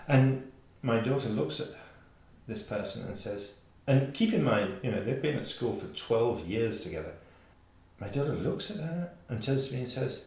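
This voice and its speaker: A man's voice: medium pitch, animated, normal speed. A man, co-hosting a casual chat, joking and telling stories. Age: 60s. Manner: jokey, laughs easily, storytelling. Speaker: podcast co-host. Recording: echoey room.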